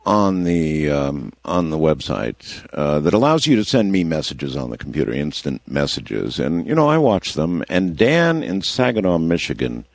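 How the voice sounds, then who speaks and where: A man hosting a late-night call-in radio show, speaking in a relaxed, conversational way and reacting to callers. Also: very deep voice, normal speed, hardly any pauses, dry recording. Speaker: radio talk show host. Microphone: studio microphone.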